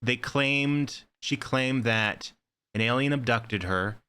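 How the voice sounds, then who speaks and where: A man co-hosting a casual horror podcast, rambling excitedly with lots of "like" fillers. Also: mid-range voice, takes it slowly, clean tone. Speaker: podcast co-host. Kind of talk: casual chat.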